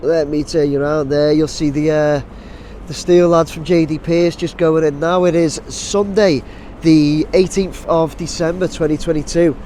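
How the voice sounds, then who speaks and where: A man's voice: on the high side, level tone, normal speed, mellow. A man with a blocked nose from a cold, chatting casually and rambling with many ums and restarts, outdoors by a busy building site. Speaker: drone vlogger. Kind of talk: casual outdoor vlog chat. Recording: faint outdoor site noise. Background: faint site and traffic noise, wind.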